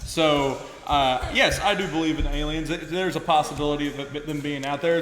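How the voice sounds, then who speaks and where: A man's voice: a little high, steady tone, moderate pace, hardly any pauses, fairly bright tone. A man who teaches, co-hosting a live school podcast with playful, teasing banter. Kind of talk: casual live show banter. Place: school gym. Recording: echoey gym with long reverb.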